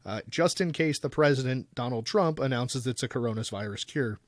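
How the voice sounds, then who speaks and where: A man's voice: medium pitch, fairly quick, hardly any pauses, dry recording, studio quality. A man co-hosting a podcast in casual chat, an easygoing storyteller who reads articles aloud. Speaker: podcast co-host.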